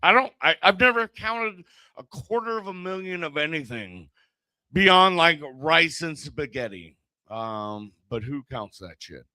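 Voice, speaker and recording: A man hosts an open mic at a bar, rambling and cursing casually. He talks slowly, and his pitch swings around a lot. The mic sound is close and dry. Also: big pitch swings, bright, forceful tone, dry recording. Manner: rambling, profane, offhand. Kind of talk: casual stage introduction. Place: small bar club. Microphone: handheld stage mic.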